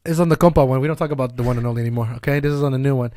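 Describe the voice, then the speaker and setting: Fast-talking man telling a story. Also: medium pitch, dry recording, studio quality. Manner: fast, animated storytelling with swearing and laughter. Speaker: podcast co-host. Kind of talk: casual chat among friends.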